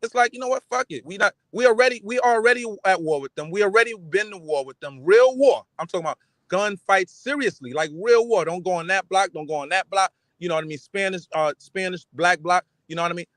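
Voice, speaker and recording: A man's voice: high voice, quick pace, fairly bright tone, no room sound, low-quality recording. A man from the Bronx with a New York accent, hosting a livestream and reading chat in a rambling, emphatic, streetwise way. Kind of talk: casual livestream talk.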